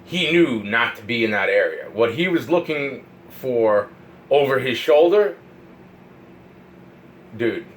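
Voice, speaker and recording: A man recounts a story in a loose, rambling way, swearing often and repeating phrases as he gets worked up. His voice sits at an ordinary middle pitch. A faint hiss runs under the recording. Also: slow pace, long pauses, rough recording. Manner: profane, excitable, repeats himself.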